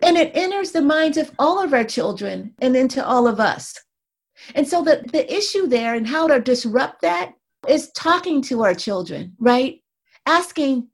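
Higher-voiced woman explaining as an interview guest. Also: a little mellow. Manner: explains at length, often tagging points with "right?" and "you know". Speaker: guest researcher and author; mother.

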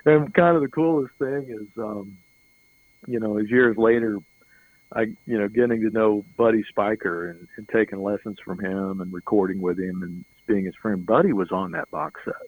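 A man's voice: on the low side, moderate pace, darkish tone, breathy edge, no echo, poor audio. A middle-aged man telling a long anecdote in an interview, rambling and chuckling, often repeating words as he goes. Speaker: interview guest. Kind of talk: casual anecdotal storytelling.

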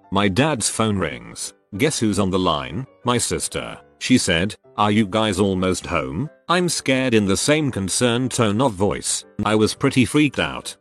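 A man narrating a string of short eerie stories in an even, steady reading voice. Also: lowish voice. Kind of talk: reading online stories aloud.

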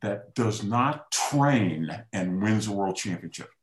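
A man's voice: on the low side, slow pace, noisy background. A man hosting a casual chat, telling stories and acting out the quoted dialogue. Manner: lively anecdote teller, acts out quoted dialogue. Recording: roomy echoey room.

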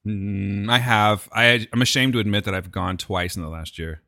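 A man's voice: fairly low pitch, normal speed, bright, forceful tone. A man co-hosting a podcast in casual chat, joking with a dry, teasing humor. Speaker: podcast co-host.

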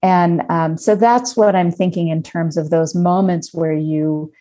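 A woman in her fifties telling a personal story in casual conversation, lively and acting out her own past thoughts. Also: lowish voice, unhurried. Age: 50s.

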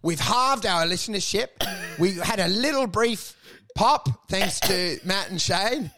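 A man's voice: high voice, animated, measured pace, sharp tone. A man riffing as a podcast co-host, rambling and self-mocking with plenty of swearing. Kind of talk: casual comedic podcast chat.

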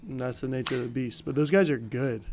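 A man's voice: medium pitch, brisk, darkish tone, slight background noise. A man guesting on a podcast who talks in an easygoing, respectful way with casual slang.

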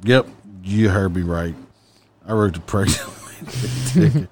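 A blunt former police officer, a man with a lowish voice, telling stories from the job in loose, profane chat. He swears freely and turns loud when he gets worked up. A faint hum of ambience sits under his voice. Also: lively intonation, measured pace. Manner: blunt, profane, mimics people loudly. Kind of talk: casual storytelling chat.

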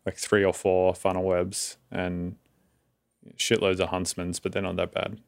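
A man's voice: low-pitched, monotone, unhurried, vocal fry, no room sound, studio quality. A man from Australia, a podcast guest chatting casually in a rambling, filler-heavy way. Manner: rambling, filler-heavy, laughs at own stories. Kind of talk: casual chat.

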